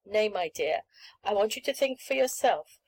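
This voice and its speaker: A woman voicing a patient, gently firm mother in a storybook reading, speaking in a measured way. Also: mid-range voice, lively intonation, rough recording. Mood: calm.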